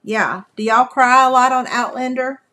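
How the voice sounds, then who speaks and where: A woman's voice: high voice, moderate pace, pushed and bright, slight background noise. A woman, hosting a live craft demonstration, chatting folksily with viewers as she works. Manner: chatty, folksy, talks to viewers while working. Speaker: crafting livestream host.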